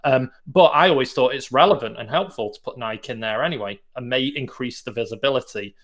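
A man's voice: mid-range voice, a little fast, fairly bright tone. A British man co-hosting a podcast, chatty and light, often turning questions back to his partner. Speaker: podcast co-host. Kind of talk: casual discussion of search marketing news.

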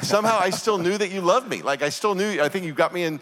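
A man's voice: high-pitched, lively intonation, quick pace, a bit bright. A middle-aged man preaching a sermon as a pastor, earnest and emphatic. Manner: earnest, emphatic scripture reading. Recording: church hall reverb.

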